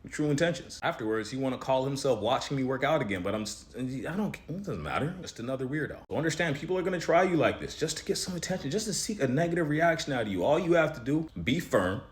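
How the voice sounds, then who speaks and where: A man speaking quickly in a motivational monologue. His pitch rises and falls a lot as he tells his story. He sounds like a casual storyteller giving life advice. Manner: animated, conversational storytelling with advice to listeners.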